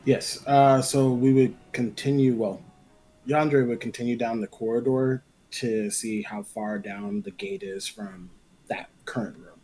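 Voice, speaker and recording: A man's voice: mid-range voice, fairly even intonation, a little slow, mellow, soft background music, rough recording. Hesitant man player at a tabletop game. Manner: hesitant, explaining his character's moves. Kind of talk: casual chat at a tabletop game.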